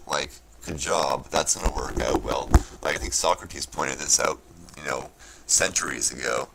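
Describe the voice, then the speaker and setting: Very deep, gravelly man ranting profanely. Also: sharp tone, a little hiss or hum, poor audio. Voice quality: swears constantly, loose and rambling. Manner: mocking, indignant. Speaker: vlogger. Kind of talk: profane rambling rant.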